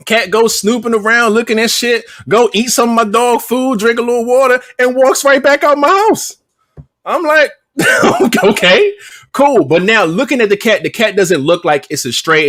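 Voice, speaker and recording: A man's voice: sits high, fairly bright tone. A man co-hosting a podcast, telling a story in casual, profane slang with lots of energy. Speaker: podcast co-host. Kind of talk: casual chat.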